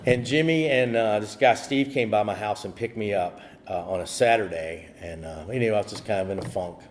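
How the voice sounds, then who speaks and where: Slight background noise accompanies a lowish male voice moving a little fast. He's from the USA and is giving a personal recovery talk at an AA meeting, rambling with many fillers and false starts.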